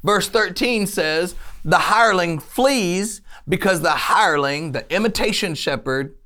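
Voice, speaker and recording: An online faith speaker giving an energetic faith message to camera, chatty and animated, often laughing and urging listeners on. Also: medium pitch, a little slow.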